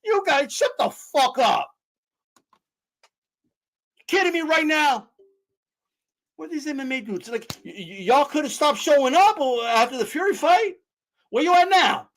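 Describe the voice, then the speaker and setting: High-pitched man in a profane rant. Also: vocal fry, a bit bright. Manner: profane, heated, mocking. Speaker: boxing streamer. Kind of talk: live-stream rant.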